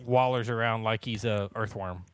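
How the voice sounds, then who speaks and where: A man's voice: lowish voice, fairly even intonation, moderate pace, clear, resonant tone. A man in his thirties leading a casual church Bible study, joking and laughing often, with many restarts.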